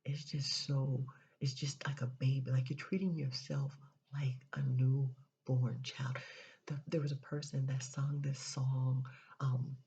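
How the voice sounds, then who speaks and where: Woman, spiritual motivational talk, dark gravelly voice, dull lo-fi sound. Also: extremely low pitch, level tone, a little slow. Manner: emphatic, repetitive, drops into whispers. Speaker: spiritual speaker.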